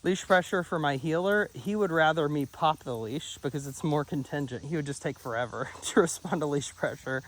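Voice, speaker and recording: A man's voice: fairly quick, few pauses. Upbeat man coaching outdoors. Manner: upbeat, laughs often, breaks into high excited praise for the dogs. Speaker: dog trainer. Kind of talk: coaching an owner during outdoor training. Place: outdoors near a pond.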